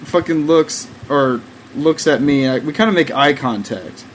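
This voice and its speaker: A man's voice: mid-range voice, a little slow, a little hiss or hum, rough recording. A young man hosting a podcast, telling a rambling, profane story in casual chat with lots of "like" and frequent laughter. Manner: rambling, heavy use of "like", profane, laughing often. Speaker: podcast host.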